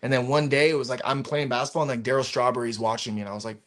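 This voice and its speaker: A man hosting a casual stream, his voice sitting at an ordinary middle pitch. He tells animated, profane stories and acts out what people said. He sounds like he is on a video call. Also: rapid-fire. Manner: animated storyteller, swears freely, acts out quotes. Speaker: stream host. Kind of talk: casual chat.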